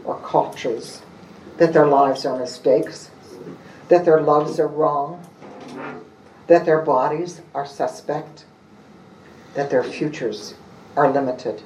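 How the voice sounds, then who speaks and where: A preacher delivering a sermon after a scripture reading, speaking in short, measured phrases. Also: medium pitch, steady tone, darkish tone. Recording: roomy and distant with faint room noise.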